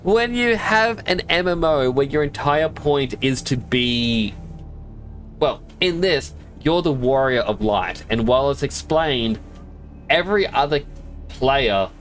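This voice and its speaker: A man's voice: medium pitch, animated, a little slow, a bit bright, faint music behind. A man streaming a game, chatting casually in a rambling, self-amused way. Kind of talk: casual chat while gaming.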